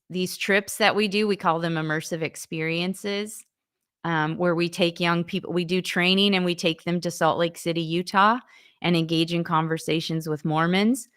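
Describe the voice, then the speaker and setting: A woman's voice: on the low side, a bit bright, smooth. A woman youth ministry leader answering interview questions, earnest and often restarting her sentences.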